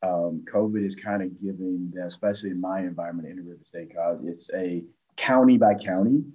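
A man from a community college on a podcast panel, speaking in a measured, explanatory way with occasional fillers. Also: low-pitched, warm tone, lo-fi sound. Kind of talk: podcast discussion.

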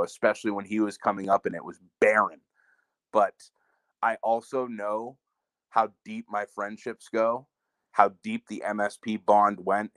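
With a fairly low pitch and a somewhat bright tone, a man co-hosts a wrestling preview show in casual podcast fashion. He speaks openly and heatedly, occasionally cursing, on an echo-free recording.

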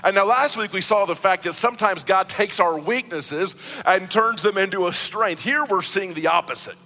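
High bright voiced pastor guy preaching, earnest, lots of restarts, big reverby hall. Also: moderate pace. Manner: earnest preaching with frequent restarts and repeated words. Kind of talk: sermon.

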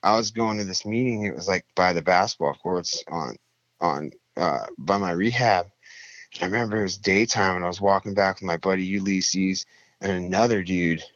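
A young man telling a rambling, profane story in a casual chat, jumping up in pitch when he quotes people. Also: normal speed, no echo, lo-fi sound.

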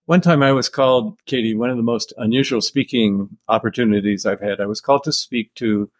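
Soft-spoken older American man, dry close sound. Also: medium pitch, no echo. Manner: measured, thoughtful storytelling with soft chuckles. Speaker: author being interviewed. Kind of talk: reflective interview answers.

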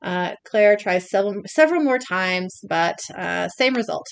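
A woman's voice: medium pitch, expressive, moderate pace, creaky, smooth, dry recording. A young woman co-hosting a podcast, reading scenes out in a casual recap and often laughing and breaking off. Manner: narrates scenes, laughs and breaks off mid-read. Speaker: podcast co-host recapping an episode.

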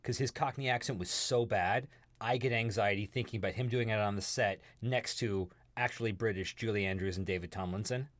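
A man co-hosting a podcast in casual chat, sardonic and animated, swearing now and then. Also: on the low side, a little fast, dry recording. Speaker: podcast co-host.

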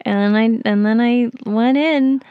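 A woman hosting a podcast, telling a personal story in casual chat, animated and giggly with lots of fillers. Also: fairly high pitch, a little slow, clean tone, dry recording, lo-fi sound. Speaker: podcast host.

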